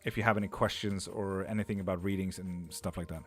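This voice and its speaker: A man's voice: sits low, steady tone, fast, soft background music. A man, a tarot reader hosting a live stream, chatting loosely with viewers, swearing and laughing often.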